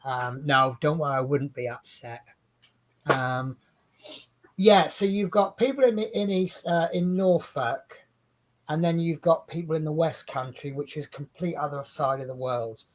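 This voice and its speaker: Chatty man, high voice. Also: a little slow, slight background noise. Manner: rambling, chatty, laughs at own stories. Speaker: co-host of a craft livestream. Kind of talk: casual chat. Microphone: video call stream.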